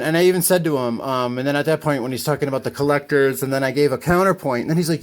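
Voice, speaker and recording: A man's voice: fairly high pitch, expressive, fast talker. A man telling a long, indignant story in a casual vlog, acting out both sides of an argument with lots of fillers and restarts. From United States. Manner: indignant, retells arguments with quoted voices, many fillers and restarts. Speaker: comic collector vlogger.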